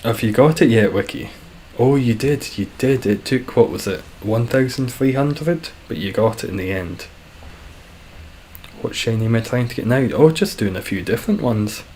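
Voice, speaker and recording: A man chatting casually and dryly while live-streaming a game, describing his own voice as monotone. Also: mid-range voice, moderate pace, a little hiss or hum. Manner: dry, self-deprecating, calls his voice monotone.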